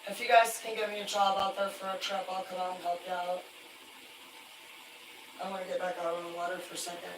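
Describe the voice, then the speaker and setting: A man spins loose, profanity-laced stories of hard work at sea on a live stream. His voice sits back from the mic in a roomy, echoing space. Steady noise runs underneath. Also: high voice, quick pace, long pauses. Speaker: livestreamer, former commercial fisherman. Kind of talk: rambling live-stream storytelling. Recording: echoey, distant, noisy room.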